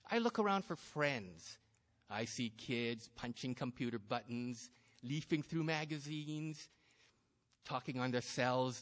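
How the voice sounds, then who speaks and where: Male story reader, understated and wry, high-pitched and animated, in a reverberant space. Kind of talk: first-person story reading.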